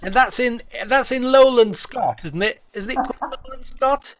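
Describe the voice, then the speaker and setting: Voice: mid-range voice, moderate pace, a crowd in the background. A speaker joking and laughing between remarks in casual chat on a video call. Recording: clear background noise with clicks.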